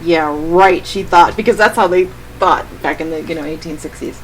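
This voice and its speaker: A woman's voice: fairly low pitch, brisk, slight background noise, poor audio. Woman wryly reading her old story. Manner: wry, self-mocking asides between read passages. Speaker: streamer reading her old writing aloud. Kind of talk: comic read-aloud with asides.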